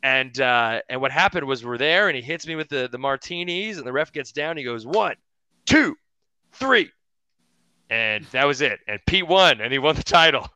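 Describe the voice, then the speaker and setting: A young man chats on a podcast, a wrestler telling a story with lots of restarts and laughs. His voice is bright and smooth, and it is recorded dry and close with no room sound. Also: mid-range voice, lively intonation, brisk, hardly any pauses, no echo. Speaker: podcast guest, pro wrestler. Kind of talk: casual podcast chat.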